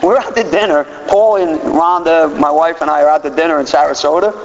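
High-voiced man telling stories in a hall. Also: brisk. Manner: animated, self-mocking storytelling. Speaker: recovery speaker. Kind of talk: personal talk to an audience. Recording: distant hall, dull and noisy.

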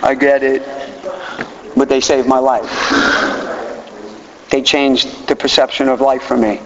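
A man's voice: medium pitch, a little slow. Man telling his story in an echoey hall. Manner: animated storytelling with repeated words. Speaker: recovery meeting speaker. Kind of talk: personal recovery story told to a meeting. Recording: echoey hall, dull lo-fi sound.

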